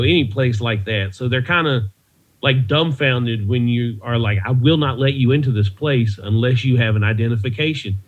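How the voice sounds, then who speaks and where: A comedian man telling rambling, easygoing stories in a mid-range voice. His audio is dull and lo-fi, like a muffled video call. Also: medium pitch. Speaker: comedian, podcast guest. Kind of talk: casual storytelling interview.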